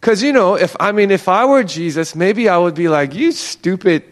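A man's voice: high-pitched, expressive, fairly quick. A man giving a casual Bible teaching, talking conversationally and acting out the quoted lines.

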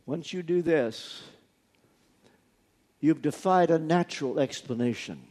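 A man's voice: a little high, unhurried, darkish tone. A man preaching a sermon, telling a personal story earnestly and stressing key words through repetition. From United States.

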